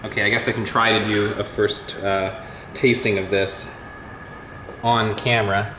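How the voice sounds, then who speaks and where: A man's voice: lowish voice, flat delivery, a little slow, pushed and bright, roomy sound, a little hiss or hum. A man chatting casually to camera about his day at home, rambling with plenty of uhs and ums. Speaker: tech YouTuber vlogging his day. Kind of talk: casual vlog talk to camera. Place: at home indoors.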